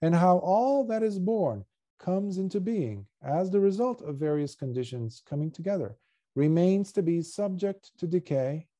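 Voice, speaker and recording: A monk voicing the Buddha, an aged and compassionate male teacher, reading his words in an earnest, gently consoling way. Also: high-pitched, lively intonation, normal speed, pitched above the performer's own voice.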